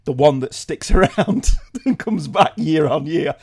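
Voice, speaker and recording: Middle-aged man, podcast host from England, wry self-mocking banter, slightly high pitch. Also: animated, unhurried, gravelly, darkish tone, husky. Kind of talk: casual chat.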